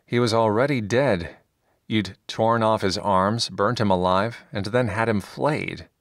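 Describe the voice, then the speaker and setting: An exasperated knight pleads for restraint, his voice climbing higher in disbelief, as a male narrator does him. The recording is close and dry. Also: unhurried, dry recording.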